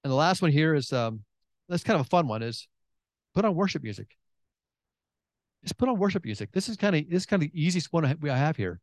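A man in the pulpit, preaching in a loose, joking way. His voice sits fairly high, and he acts out prayers and reactions with big leaps up in pitch. The sound is close and dry. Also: sing-song, fairly quick, pauses often, no room sound. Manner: chatty and joking, many restarts. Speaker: pastor. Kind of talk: sermon.

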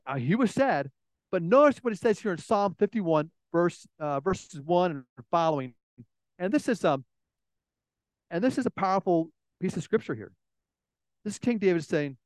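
A man's voice: high voice, no echo, low-quality recording. A man preaching a sermon in a conversational way, often repeating words and acting out little everyday scenes. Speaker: pastor.

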